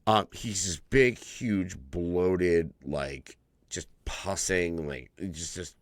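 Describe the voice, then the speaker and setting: A man's voice: low voice, very slow, no echo, clean studio sound. A man co-hosting a podcast, casually and profanely recapping a horror movie and acting out the characters' lines. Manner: profane, animated movie recapping with acted-out quotes. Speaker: podcast co-host. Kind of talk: casual chat.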